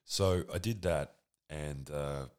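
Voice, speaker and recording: An Australian man in his forties with a bottomless, rumbling bass voice spins a casual comedic anecdote. He rambles, swears freely and pokes fun at himself as he goes. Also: moderate pace, a bit bright. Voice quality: extremely deep voice. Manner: rambling, profane, self-deprecating storytelling.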